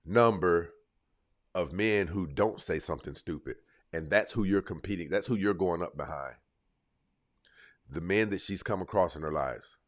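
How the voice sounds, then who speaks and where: Very deep-voiced blunt dating coach. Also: male voice, a bit bright. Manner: blunt, emphatic, lecturing. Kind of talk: direct-to-camera advice monologue.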